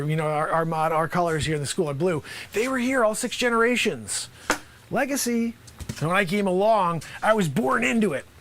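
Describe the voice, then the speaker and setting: Man doing an improv bit as a loud, bossy small-town basketball coach; high, bright voice, lots of asides. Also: slight background noise, full character voice. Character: brash male high school basketball coach. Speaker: improv comedian host. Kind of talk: improv comedy sketch.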